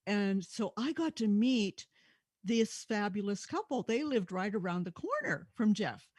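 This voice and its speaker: A woman's voice: mid-range voice, very animated, measured pace, darkish tone, no room sound. A woman co-hosting a talk show, chatty and easygoing. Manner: chatty, easy and friendly. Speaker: co-host. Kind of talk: casual talk show chat.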